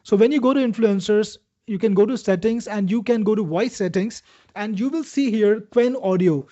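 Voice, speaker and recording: A man's voice: high-pitched, moderate pace, dark tone. A man with an Indian accent hosting a live webinar product demo, chatty and salesy, answering viewers by name. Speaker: webinar host demoing software. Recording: dull lo-fi webinar audio.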